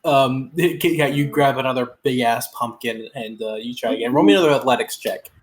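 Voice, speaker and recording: A woman's voice: extremely low pitch, brisk. A woman narrating as game master in a tabletop game, rambling through scenes with many fillers.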